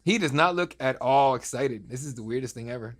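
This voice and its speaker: A man's voice: medium pitch, fairly quick. Joking, profane live-stream host, man. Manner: loose, joking, profane banter with chat. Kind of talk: casual live-stream commentary.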